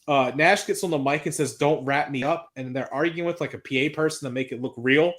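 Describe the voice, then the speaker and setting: A man with a slightly high voice chats through a wrestling recap in a loose, excitable way. He swears freely and reads out promo lines as he goes. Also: brisk. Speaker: podcast co-host recapping wrestling. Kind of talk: casual recap chat.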